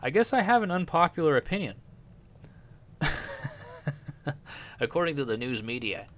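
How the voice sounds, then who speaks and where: A man's voice: a little high, sing-song, moderate pace, a bit bright. A young man hosting a podcast, reading news stories aloud and reacting with crude, irreverent jokes. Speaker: podcast host.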